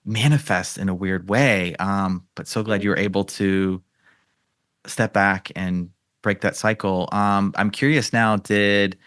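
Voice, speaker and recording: A man's voice: lowish voice, steady tone, unhurried, a bit bright, no echo, clean studio sound. A man hosting a podcast interview, asking long, rambling questions with lots of fillers. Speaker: podcast host. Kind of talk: casual interview chat.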